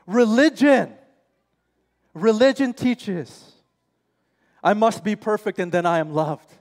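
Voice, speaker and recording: High-voiced impassioned male preacher. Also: lively intonation, slow, darkish tone. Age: 40s. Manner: impassioned, emphatic, addresses listeners as friends. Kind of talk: sermon. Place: church sanctuary. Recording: church hall reverb, faint music.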